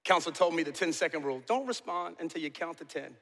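A middle-aged man preaching a sermon as pastor in a large church, swinging from impassioned shouts to soft, intimate talk. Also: a little high, expressive, quick pace, gravelly. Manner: passionate, builds to shouting then drops to soft and intimate. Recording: long reverb of a large hall.

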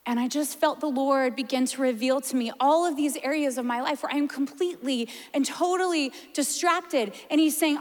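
High-voiced woman preaching in a hall. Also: moderate pace, few pauses. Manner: animated, playful, tearful at times. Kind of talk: sermon.

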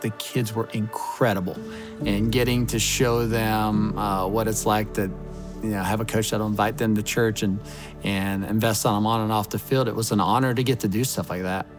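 A man's voice: fairly low pitch, steady tone, moderate pace. A man in his thirties, a former baseball coach, telling an earnest, emotional personal testimony. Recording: music bed underneath.

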